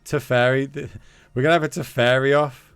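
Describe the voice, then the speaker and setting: Joking streamer, dry sound. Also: male voice, mid-range voice, steady tone, a little fast, a bit bright, smooth, dry recording, soft background music. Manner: chatty, joking with chat, swears casually. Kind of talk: casual game stream chat.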